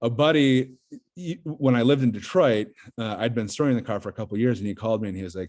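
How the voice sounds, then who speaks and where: Rambling low-voiced man telling a story. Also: fast talker, darkish tone. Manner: rambling, filler-heavy storytelling. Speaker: podcast guest. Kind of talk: casual chat.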